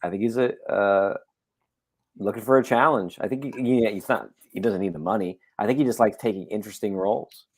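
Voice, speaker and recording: Lower-voiced man teasing on a podcast. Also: brisk. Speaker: podcast co-host. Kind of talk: casual podcast chat.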